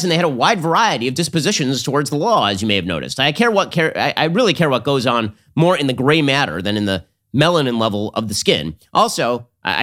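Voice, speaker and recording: A man's voice: medium pitch, a bit bright. A man hosting a political commentary show, talking in a sarcastic, combative monologue. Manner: sarcastic, rapid-fire, combative.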